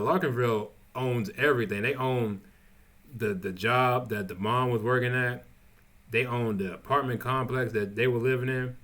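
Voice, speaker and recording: A man casually recapping episodes of a show, rambling and halting, with frequent restarts. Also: medium pitch, fairly bright tone. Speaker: TV show reviewer.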